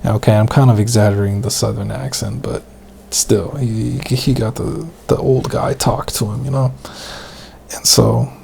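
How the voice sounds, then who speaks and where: A man hosting a podcast, telling casual rambling stories in a loose, profane way, keeping his voice soft. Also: on the low side, level tone, moderate pace, vocal fry, slight background noise. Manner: speaking softly, half-whispered. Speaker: podcast host. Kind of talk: casual storytelling monologue.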